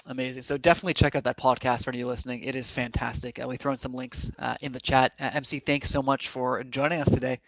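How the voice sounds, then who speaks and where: A man hosting a live online summit, introducing speakers in a quick, chatty way that often corrects itself. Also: mid-range voice, level tone, fairly bright tone, slight background noise, low-quality recording. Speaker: summit host.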